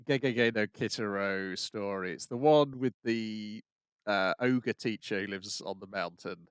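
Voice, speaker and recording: A man with a lowish voice recaps an episode on a podcast, hesitant and dry, with frequent ums. His voice is recorded close, with no room sound. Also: a little slow, smooth, no room sound. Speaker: podcast co-host. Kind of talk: casual chat recapping anime.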